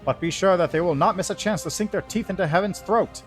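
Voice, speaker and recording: A man's voice: fairly high pitch, sing-song, brisk, soft background music. Man putting on a grand old angel herald. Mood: solemn. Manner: mock French-accented 1960s sci-fi voice. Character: solemn ancient male angel herald.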